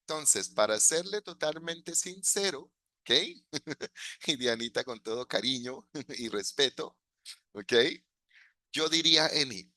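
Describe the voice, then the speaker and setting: A man who grew up in the United States, teaching an online English class, switching into Spanish, laughing often and modeling phrases slowly. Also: fairly high pitch, animated, pushed and bright, no echo.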